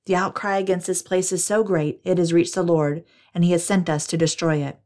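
A woman's voice: fairly low pitch, steady tone, a little mellow, natural voice. A woman reading as stern, urgent angels. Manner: brisk, commanding.

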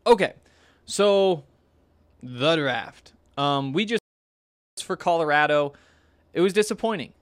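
A young man talks through a solo podcast in a loose, chatty ramble, tripping over restarts and fillers. His voice sits a touch high for a man, and the sound is close and dry with no room around it. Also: animated, measured pace, pauses often, no echo. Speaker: podcast host. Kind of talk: casual solo podcast talk.

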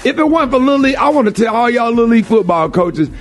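High-voiced older man preaching emphatically. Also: expressive, very fast. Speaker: radio show host. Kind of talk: impassioned morning-show monologue.

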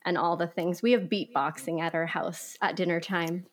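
A woman's voice: fairly low pitch, steady tone, moderate pace. Affirming woman hosting a podcast. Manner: affirming, asks long open questions. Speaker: podcast host. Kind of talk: conversational interview.

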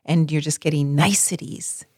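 This co-host has a low-pitched voice at normal speed, recorded dry and at studio quality. Chatting casually, she brings her stories to life with animated delivery, performing the voices of the people in her examples.

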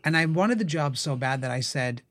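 Animated storytelling man, close dry mic. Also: a little fast, no room sound. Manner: animated, acts out quoted voices with big jumps in pitch. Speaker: actor and TV writer, guest. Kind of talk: casual storytelling interview.

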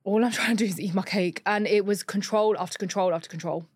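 A woman's voice: mid-range voice, steady tone, fast, dry recording, clean studio sound. A young woman, a podcast guest, candidly and animatedly telling a personal story with many fillers.

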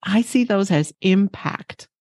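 A woman's voice: mid-range voice, slow, a little mellow, no room sound, studio quality. A woman co-hosting a podcast for teachers, speaking in an earnest, encouraging way. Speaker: podcast co-host. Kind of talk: reflective podcast talk.

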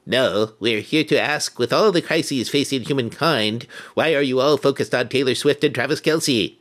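A man voicing a puzzled male alien visitor in a cartoon read-aloud, a little lower than his own voice. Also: normal speed, fairly bright tone, lightly acted.

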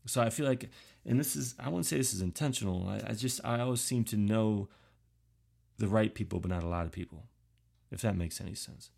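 Very low gravelly-voiced man. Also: a little fast, darkish tone. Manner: rambling, self-deprecating, many fillers and restarts. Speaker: podcast host. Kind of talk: casual solo podcast monologue.

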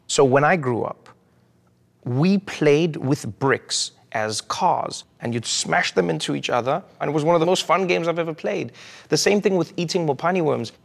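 A South African man in his thirties talks through his past in a considered, storytelling way, stopping now and then to restart a thought. His mid-pitched voice carries a gravelly edge. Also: fast talker. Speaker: interview guest, comedian. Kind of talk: reflective interview answers.

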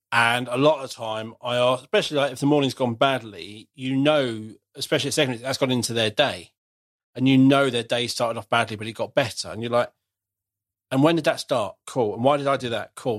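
A man's voice: medium pitch, a bit bright, no echo. Dry-voiced chatty man. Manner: chatty, self-deprecating, frequent restarts. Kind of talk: casual conversational chat.

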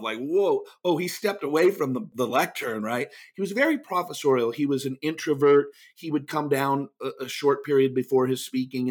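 A man who speaks professionally, telling stories in a podcast interview and bringing the people in them to life with impressions. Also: mid-range voice. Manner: animated, does lively impressions of others. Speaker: guest speaker.

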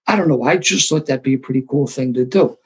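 A man's voice: mid-range voice, quick pace, a little mellow, husky. An older man, telling his recovery story at a sober meeting with self-deprecating humor. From Philadelphia.

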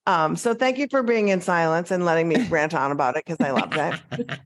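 A woman's voice: fairly low pitch, a little fast. A woman hosting a podcast in casual chat, gushing and enthusiastic, swearing freely. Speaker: podcast host.

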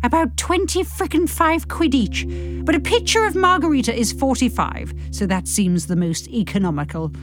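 A woman's voice: high-pitched, animated, normal speed, faint music behind. Woman reading a sardonic young man. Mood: sarcastic. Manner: dry, sarcastic. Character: sardonic young man, first-person narrator.

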